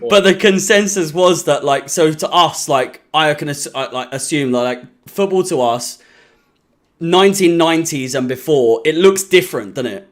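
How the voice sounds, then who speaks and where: A man's voice: on the high side, moderate pace. A man in his twenties chatting casually about football, rambling with lots of restarts. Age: 20s. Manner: rambling, many restarts and laughs.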